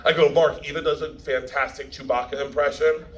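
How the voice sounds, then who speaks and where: A man's voice: a little high, steady tone, fairly quick, slight background noise, rough recording. A man giving a speech at a premiere, telling a story in a brash, profane, laughing way and acting out the quotes. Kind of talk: stand-up style storytelling speech.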